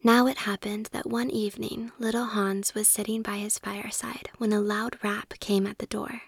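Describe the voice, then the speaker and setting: Female reader, whispered storytelling, flat gravelly delivery. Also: mid-range voice, no room sound, studio quality.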